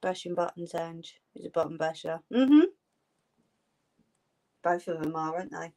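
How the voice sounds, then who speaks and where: A woman's voice: on the low side, lively intonation, normal speed, mellow. A woman hosting a craft live stream, chatting casually and answering her viewers' comments.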